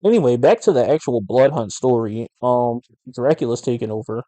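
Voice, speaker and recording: A man hosting a podcast, chatting casually and profanely in slangy, animated rants. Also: mid-range voice, normal speed, dry recording. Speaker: podcast host. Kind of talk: casual comic book review podcast.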